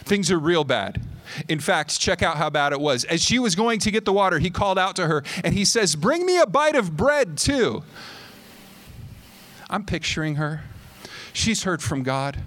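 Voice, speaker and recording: High-voiced animated male preacher. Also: moderate pace, no room sound. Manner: animated, acts out quotes, rises to near-shouting climaxes. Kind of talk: sermon.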